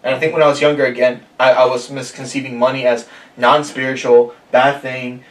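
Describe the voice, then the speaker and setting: A man's voice: medium pitch, flat delivery, fairly quick, echoey room, far from the mic. A man in his twenties hosting a casual podcast, talking in a laid-back, rambling way with many fillers. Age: 20s. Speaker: podcast host. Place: room shared with guests.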